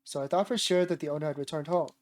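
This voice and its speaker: A man with a sore voice voicing a chatty, excitable young woman while reading a visual novel aloud. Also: fairly high pitch, racing, close to an everyday voice. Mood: eager.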